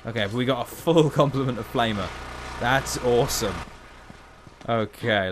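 A man's voice: fairly low pitch, a little fast, noisy background. A man giving playful, chatty let's play commentary, joking to himself as he plays. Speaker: gamer.

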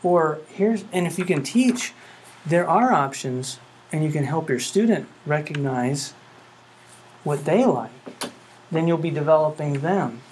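A man lectures a music class in an earnest, questioning way, now and then humming the melody he means. His middle-pitched voice is picked up by a room mic in a classroom, with a faint hiss under it. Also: expressive, a little slow, darkish tone, poor audio. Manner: earnest, asks rhetorical questions, hums melodies. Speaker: music professor.

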